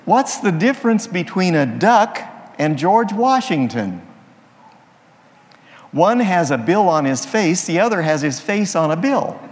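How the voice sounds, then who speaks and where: A priest delivering a sermon in a folksy, playful manner, leaning on jokes. His delivery is unhurried but full of rises and falls, on the higher side for a man. The sound carries a long reverb from the church. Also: big pitch swings. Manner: folksy, playful joke-telling.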